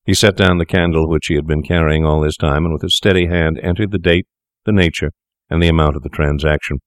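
Casting: male audiobook narrator, very low voice, measured pacing, dry close recording. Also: clean tone, no echo. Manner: measured, steady storytelling. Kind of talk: audiobook narration of a classic tale.

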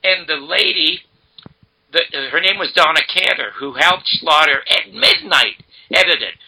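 Older man with a bright, gravelly voice. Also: a little high, measured pace, poor audio. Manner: animated storyteller, acts out quoted dialogue. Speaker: interview guest. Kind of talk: storytelling interview.

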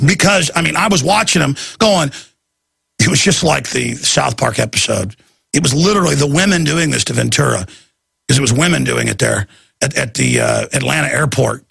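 A man hosting a talk show rambles through a story, acting out the voices of everyone he quotes. His voice is gravelly, raspy and sharp-edged, and it sounds close and dry. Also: mid-range voice, big pitch swings, moderate pace, dry recording. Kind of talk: rambling talk-radio rant.

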